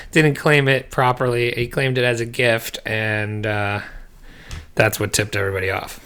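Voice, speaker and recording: A man's voice: mid-range voice, little pitch movement, a little slow, bright, forceful tone, clean tone. A man co-hosting a podcast, chatting casually with crude, joking banter. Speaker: podcast co-host. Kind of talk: casual chat.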